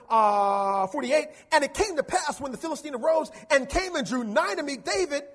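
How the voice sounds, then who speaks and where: A male pastor, preaching a lively sermon in a church, calling for amens and acting out voices. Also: very high voice. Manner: animated preaching, calls for amens, acts out quotes.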